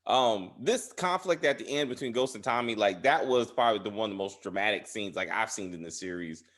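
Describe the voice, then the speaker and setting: A man co-hosting a casual TV recap chat, acting out character lines in an animated way. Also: fairly low pitch, a little fast. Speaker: podcast co-host.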